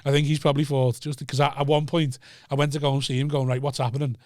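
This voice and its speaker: A young man, telling a sweary, animated story in casual podcast chat. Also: on the high side, quick pace, no room sound, clean studio sound. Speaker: podcast co-host.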